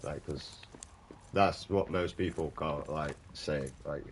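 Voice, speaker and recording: Deep-voiced british guy ranting and swearing on stream, chatting to viewers, bit of noise behind. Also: takes it slowly. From United Kingdom. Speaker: gaming streamer. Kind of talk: casual livestream chat.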